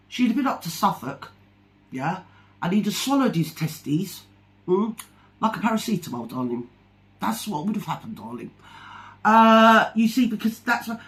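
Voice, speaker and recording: A woman delivering a scathing, sarcastic rant to camera, calling her target "darling" again and again. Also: medium pitch. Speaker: vlogger. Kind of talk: ranting commentary vlog.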